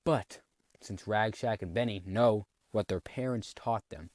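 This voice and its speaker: Man, snarky rambling recap narrator, low voice, dry close sound. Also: measured pace, darkish tone, no echo. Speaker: video narrator. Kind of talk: comedic cartoon plot recap.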